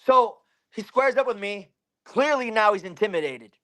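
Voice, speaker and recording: Guy with a pretty high voice, fighter telling a wild story, swearing nonstop, super animated. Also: moderate pace. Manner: profane, animated, swears constantly. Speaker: bare-knuckle fighter, interview guest. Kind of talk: casual storytelling in an interview.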